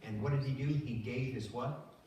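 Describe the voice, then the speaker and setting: A man's voice: medium pitch, normal speed, distant mic, a little hiss or hum. An older male pastor giving a conversational sermon, telling stories and acting out the voices in them. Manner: conversational, animated storytelling with acted-out voices. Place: church sanctuary. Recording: very echoey church recorded from afar.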